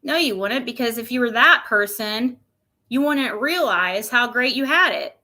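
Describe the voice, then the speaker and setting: A woman's voice: a little high, expressive, unhurried, sharp tone. A woman streamer chatting casually to her viewers, rambling, with many restarts. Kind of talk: casual chat.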